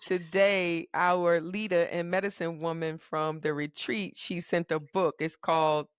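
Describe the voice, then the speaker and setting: A woman's voice: lowish voice, little pitch movement, a little slow, smooth, dry recording, studio quality. A woman co-hosting a spiritual conversation show. She talks earnestly and reflectively, and turns emphatic and fervent when she makes her point. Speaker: podcast co-host.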